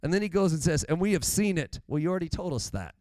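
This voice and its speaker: A man preaching a sermon in a conversational, animated way, with candid asides to the congregation. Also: fairly high pitch, fast talker, no room sound. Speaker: pastor.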